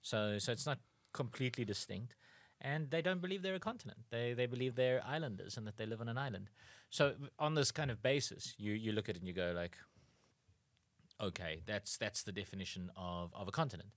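A man's voice: mid-range voice, expressive, fast, few pauses, no room sound. A South African man co-hosting a podcast, explaining at length with dry jokey asides and frequent restarts. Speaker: podcast co-host. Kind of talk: casual chat.

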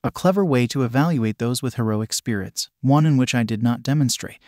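A man doing a stiff, earnest teenage boy who talks in long formal sentences and keeps his words polite. the voice stays at an everyday middle pitch, and it sounds dry and close, with no room around it. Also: brisk, a little mellow, no echo, lightly acted. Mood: apologetic.

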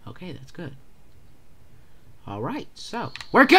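Jumpy gameplay commentator: lively, swooping delivery, bright tone, stammers and repeats words when scared. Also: mid-range voice, slow, slightly rough. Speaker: gamer playing a horror game.

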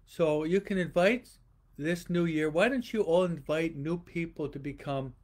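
A priest giving a homily to an online audience, slowly repeating rhetorical questions and often pausing and restarting mid-sentence. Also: male voice, a little high. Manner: slow, repetitive preaching with rhetorical questions; pauses and restarts often, speaking to online viewers. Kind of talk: livestreamed homily.

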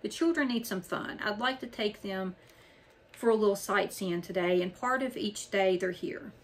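A woman's voice: mid-range voice, normal speed, natural voice. A woman voicing a kind but firm female bookshop owner in an audiobook reading. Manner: calm, gracious, firm.

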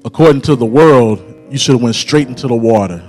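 A man preaching a sermon in a church, rising into a shouted, chanted whooping cadence and drawn-out phrasing. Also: mid-range voice, soft background music. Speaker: pastor. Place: church sanctuary.

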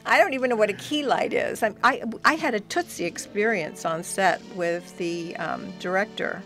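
A woman in her seventies, an actress telling stories as a guest on a radio interview in a studio, animated and self-deprecating. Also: mid-range voice, moderate pace, soft background music.

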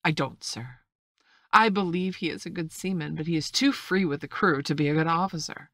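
A stern, blunt sea captain, read aloud by a woman in a low voice that sounds close and dry. He speaks in clipped, formal, firm sentences, like an audiobook officer who will not bend. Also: a little fast, fairly bright tone, no room sound. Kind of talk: audiobook reading.

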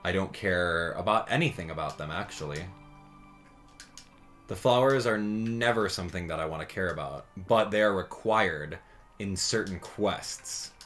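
A man giving casual gameplay commentary as a channel host, chatty and excitable, thinking out loud as he plays. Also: deep voice, measured pace, faint music behind.

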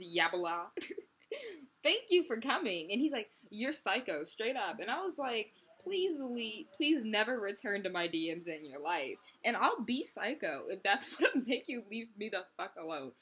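A young woman tells a story straight to her camera, acting out both sides of an argument and laughing often. Her voice has a husky, breathy edge, and the talk runs loose and casual. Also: medium pitch, very animated, measured pace, a bit bright. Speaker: vlogger.

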